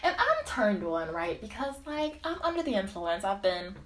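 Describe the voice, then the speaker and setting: A young woman tells a casual storytime tale in an animated, profane way. Her pitch swings widely as she talks, and she laughs often between phrases. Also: moderate pace.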